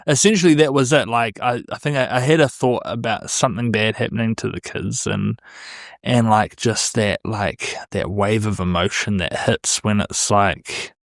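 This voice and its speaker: Relaxed New man hosting a podcast. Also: fairly low pitch, normal speed, creaky, no echo, studio quality. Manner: relaxed, reflective, swearing. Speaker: podcast host. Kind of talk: casual podcast chat.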